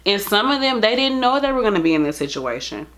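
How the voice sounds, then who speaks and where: A nurse talking straight to camera, earnest and pleading in plain casual speech. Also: female voice, medium pitch, sing-song, quick pace, a bit bright. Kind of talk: heartfelt direct-to-camera talk.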